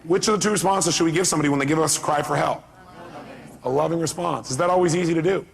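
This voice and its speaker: A man's voice: fairly high pitch, fast talker, vocal fry. A middle-aged man giving a live seminar talk as a motivational speaker, emphatic and firing rhetorical questions at the audience.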